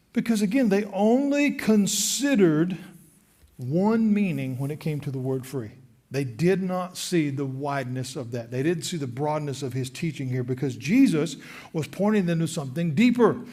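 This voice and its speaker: High-voiced Southern preacher, animated delivery. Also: male voice. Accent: Southern American. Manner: animated, acts out voices of the crowd. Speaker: pastor. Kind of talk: sermon. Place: church sanctuary.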